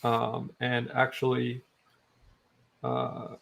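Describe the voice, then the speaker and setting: Male game master, gravelly, laid-back, halting delivery. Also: medium pitch, big pitch swings, a bit bright. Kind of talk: narrating a tabletop game.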